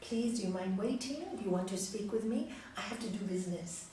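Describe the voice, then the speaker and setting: A woman voicing a humble, polite male butcher who speaks softly and deferentially, in an echoey hall far from the mic. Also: medium pitch, brisk, slight background noise, close to an everyday voice.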